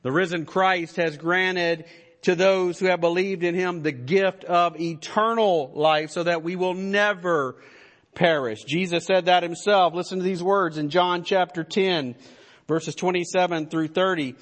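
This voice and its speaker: A man's voice: sits high, steady tone, unhurried, fairly bright tone. A man preaching a sermon as pastor, in an emphatic style that builds to stressed declarations.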